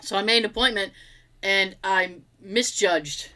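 A woman in casual chat, telling an everyday story in an animated way, acting out both sides of the dialogue and swearing freely. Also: mid-range voice, unhurried.

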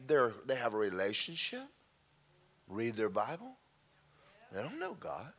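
A man preaching a sermon, telling an emotional testimony that drops to near-whispers and then rises loud. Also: medium pitch, huge pitch swings, a little slow. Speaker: pastor.

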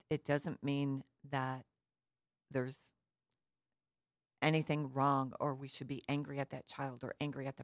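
Low-voiced woman telling a personal story. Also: dry recording, studio quality. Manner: earnest storytelling with rhetorical questions. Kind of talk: reflective personal talk.

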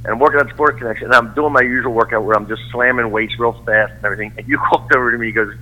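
A man's voice: medium pitch, rapid-fire, few pauses, pushed and bright, low-quality recording. A middle-aged man, a stand-up comedian, reminiscing in casual chat, laughing easily and restarting his sentences.

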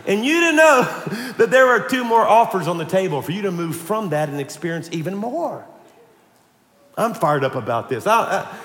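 A man pastor delivering an energetic, animated sermon to his congregation, calling for amens. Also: high voice, a little fast, some chatter behind, a little hiss or hum. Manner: energetic, animated preaching with call-and-response. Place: church sanctuary. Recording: echoey church hall.

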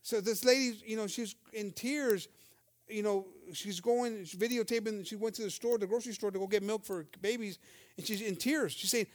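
Male preacher, high voice, fervent emphatic sermon with frequent amens. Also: moderate pace.

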